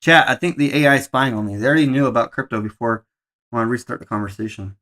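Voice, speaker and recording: A man's voice: mid-range voice, quick pace, bright, forceful tone. A man streaming live, playfully questioning an AI assistant in casual chat.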